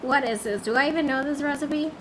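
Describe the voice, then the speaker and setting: A woman livestreaming a game in casual chat, excitable and repeating herself in bursts of confused exclamations. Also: high voice, fast, background noise.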